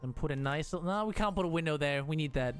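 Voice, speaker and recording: A man's voice: a little high, quick pace, faint music behind. A man streaming a game, talking casually to himself and the game, frustrated and joking as he builds. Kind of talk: casual gameplay commentary.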